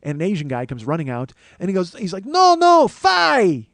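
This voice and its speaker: A man's voice: on the high side, animated, fast talker, warm tone, no room sound. A man telling a comic story as a podcast host, profane and ranting with mock paranoia.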